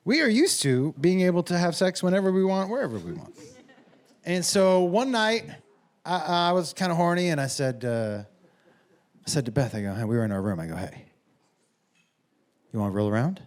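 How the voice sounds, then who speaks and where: A middle-aged man doing stand-up storytelling, profane and animated, who often laughs at his own jokes. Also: sits high, moderate pace. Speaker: stand-up comedian. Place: comedy stage before an audience. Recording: live show with loud crowd noise.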